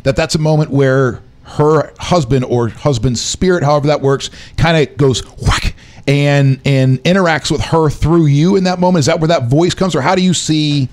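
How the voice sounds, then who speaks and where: A man's voice: a little high, moderate pace. A man hosting a casual conversation, asking thoughtful, probing questions. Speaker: host. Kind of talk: conversational interview.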